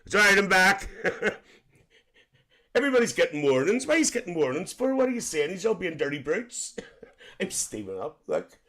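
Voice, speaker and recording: A man's voice: high-pitched, sing-song, normal speed, pauses often, pushed and bright, exaggerated voice. A man playing a gossipy Northern Irish aunty. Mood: chatty. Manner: chatty, calls everyone dear, laughs often. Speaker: livestream host. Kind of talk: live-stream chat with viewers.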